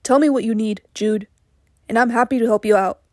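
A woman's voice: on the high side, fairly quick, no echo, studio quality, natural voice. A woman voicing an older man, an earnest and disappointed mentor who presses with questions, in an audiobook reading. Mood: pleading.

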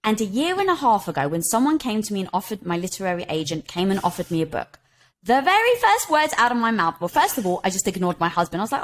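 A middle-aged woman, a podcast guest and author, telling stories with expressive energy, often laughing and quoting herself. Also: medium pitch, fast, slight background noise. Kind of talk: animated conversational storytelling.

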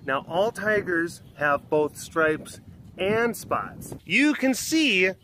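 A man's voice: high-pitched, big pitch swings, extremely slow, pushed and bright, slight background noise. Man explaining big cats to preschoolers. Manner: simple, patient, addresses each child by name. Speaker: big cat sanctuary keeper answering children's questions.

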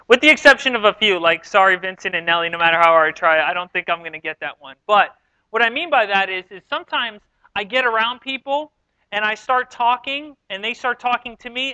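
A man from New York giving a sermon as pastor, telling stories in a relaxed, self-deprecating way. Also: high voice, fairly quick, clear, resonant tone, dry recording, low-quality recording. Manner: conversational, self-deprecating storytelling. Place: church sanctuary.

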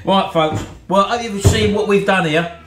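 A man's voice: high-pitched, moderate pace, echoey room, crowd noise. Playful British husband praising his food. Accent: British English. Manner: playful, theatrical food praise, calls wife baby. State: eating while talking. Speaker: cooking vlog co-host. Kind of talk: casual cooking chat. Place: home kitchen. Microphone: camera on tripod.

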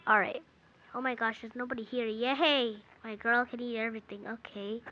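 A high, bright female voice chats her way through a mobile game, thinking aloud and wandering from one thing to the next. The recording sounds dull and lo-fi. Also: steady tone, moderate pace, slight background noise. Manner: chatty, easily distracted, thinks aloud. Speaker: gameplay narrator. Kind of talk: casual game commentary with pretend play.

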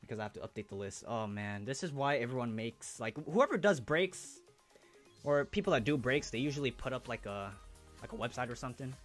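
A young man hosting a live stream, chatting casually and excitedly with viewers in slang as he opens trading cards. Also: mid-range voice, a little fast, faint music behind.

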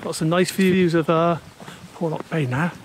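A man's voice: on the high side, steady tone, normal speed, a little hiss or hum. A man chatting casually to camera while hiking a steep coastal path, a little out of breath. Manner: chatty, out of breath on uphill walk. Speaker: walking vlogger. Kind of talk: casual walking commentary. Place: outdoors on a windy coastal footpath.

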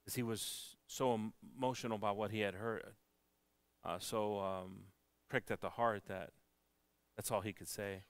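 Earnest, halting man preaching a sermon. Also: fairly low pitch, steady tone, clean tone, dry recording. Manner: earnest, halting delivery with frequent restarts. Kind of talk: church sermon. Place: church service.

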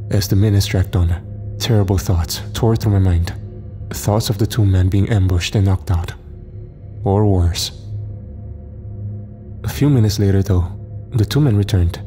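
Low-voiced man narrating horror. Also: warm tone. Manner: tense, suspenseful storytelling. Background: faint music.

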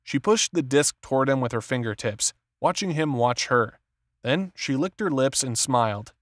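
A man's voice: medium pitch, no echo. Dry-voiced male audiobook narrator. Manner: steady, measured reading. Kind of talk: scripted narration.

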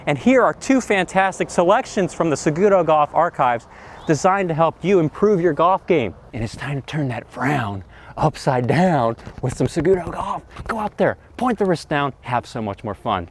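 An excitable man teaching a golf lesson outdoors on a practice range. His fairly high voice swings widely and lively in pitch, and he bursts into exclamations as he talks. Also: normal speed, slight background noise. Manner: enthusiastic, excitable, exclaims and hoots. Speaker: golf instructor.

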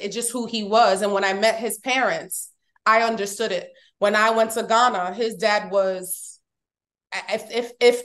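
A woman's voice: medium pitch, a bit bright. Heartfelt woman guest, earnest storytelling. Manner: heartfelt, emphatic, gets emotional. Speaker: podcast guest. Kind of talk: candid personal storytelling.

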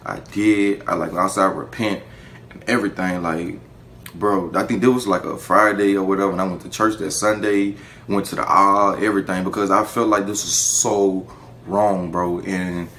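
A young man telling a casual story to the camera, animated and profane, breaking into laughter. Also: low voice, normal speed, slight background noise. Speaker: vlogger. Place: indoor room, seated before camera.

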